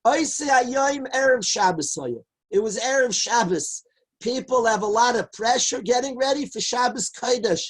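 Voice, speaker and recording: A man, a rabbi, telling a Talmud story as a lively lecture. He quotes each line in Hebrew and Aramaic and then translates it. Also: extremely high pitch, normal speed, low-quality recording. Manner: lively storyteller who shouts out the characters' lines. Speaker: rabbi teaching a Talmud class. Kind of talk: animated Torah lecture storytelling.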